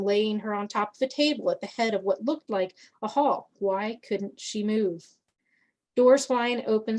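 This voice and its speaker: A woman reads her own story aloud at a steady, measured pace. Her voice sits a little high. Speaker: course graduate reading her story.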